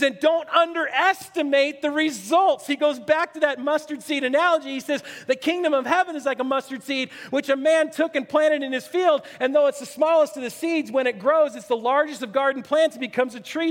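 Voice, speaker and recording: A male pastor preaching a sermon with earnestness, swinging from near-shouts to hushed, low asides. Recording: long reverb, echoey hall.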